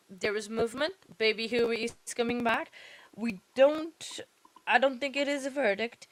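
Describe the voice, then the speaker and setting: A woman with a higher-leaning voice speaks at a moderate pace in a dry recording. She's hosting a true-crime trial livestream late at night, yawning and tired, giving casual commentary that meanders, with many fillers and fixes to what she's said.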